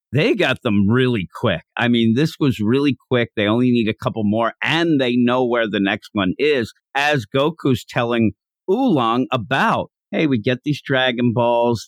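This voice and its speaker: Animated man recapping, dry close mic. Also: on the low side, dry recording. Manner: animated, acts out characters' lines while recapping. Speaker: podcast co-host. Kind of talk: casual chat recapping a comic.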